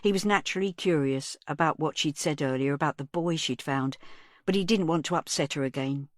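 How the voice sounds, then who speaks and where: This is scripted audiobook narration by a deep-voiced woman whose storytelling stays measured and even. The sound is dry, with clean studio quality.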